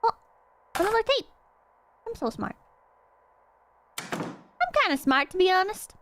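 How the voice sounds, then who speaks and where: High, lively woman streamer. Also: a little slow, slight background noise. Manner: excitable, rambling, swears freely. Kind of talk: casual game stream chat.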